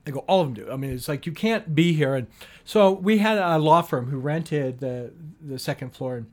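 A talkative man with a fairly light, slightly high voice. He tells his story in loose, casual conversation, moving from plain narration into quoted lines of dialogue. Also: moderate pace. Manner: chatty, acts out dialogue with "she goes" and "I go". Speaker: guest telling a story.

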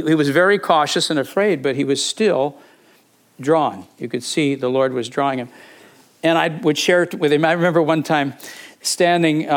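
An older man preaching, telling a personal story conversationally, with frequent restarts and acted-out moments. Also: fairly high pitch. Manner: conversational, with repeated words and fillers; animated, acting out the people in his stories. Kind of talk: sermon storytelling.

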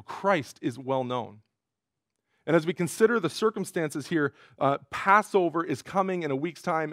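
A male pastor preaching a sermon in an earnest way, rising in pitch and force when he quotes cries. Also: a bit bright, dry recording, studio quality.

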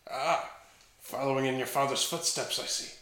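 A man voicing a calm, wry male adventurer in a tabletop game, speaking in dry, measured replies, with a roomy echo. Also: medium pitch, a little hiss or hum, lightly acted.

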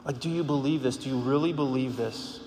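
A man preaches in a loose, conversational way, full of rhetorical questions and restarts. His mid-pitched voice rings out in a large hall with a long echo. Faint background noise sits under it. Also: a little fast, a little mellow. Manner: conversational, frequent "like", repeats words, rhetorical questions. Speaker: speaker at a Catholic gathering. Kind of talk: informal sermon.

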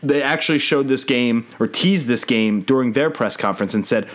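A man in the middle of a relaxed podcast chat, explaining things in long, excited recaps. His voice sits at an ordinary pitch for a man, and he sounds keen and talkative. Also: normal speed. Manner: enthusiastic, explains and recaps at length. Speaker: podcast host. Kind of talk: casual podcast chat about games.

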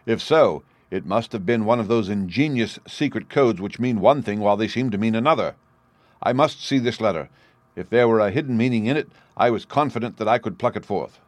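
A man narrating a classic detective story in a measured, steady reading. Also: on the low side, no room sound. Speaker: audiobook narrator.

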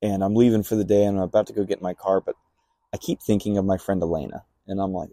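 A man's voice: low voice, steady tone, quick pace, warm tone, no echo, clean studio sound. A young man casually telling a personal testimony on a podcast, rambling with fillers and acting out remembered dialogue. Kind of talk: casual storytelling.

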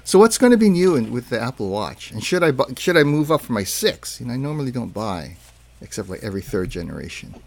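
Man, casual tech chat, gravelly, lively up-and-down delivery, rambling, dry close sound. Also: mid-range voice, fast talker. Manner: chatty, rambling, self-correcting with many fillers. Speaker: podcast co-host.

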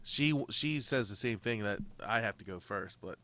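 A man's voice: fairly low pitch, expressive, normal speed, crowd noise. A man co-hosting a podcast in casual banter, easygoing and agreeable with lots of fillers. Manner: laid-back, agreeable, hesitant fillers. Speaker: podcast co-host.

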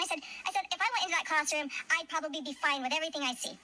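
A woman's voice: sits high, very fast, few pauses, bright, forceful tone. A woman, a parent, earnestly and indignantly retelling a confrontation, heard on a somewhat distant mic. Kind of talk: emotional personal storytelling.

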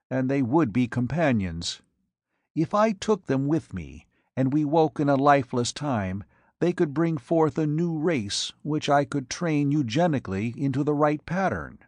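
A man's voice: medium pitch, big pitch swings, a little slow, a little mellow, dry recording, voice pushed up. A man voicing a lonely, calculating space traveler thinking aloud in a brooding tone for an audiobook. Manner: brooding inner thought. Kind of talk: audiobook narration.

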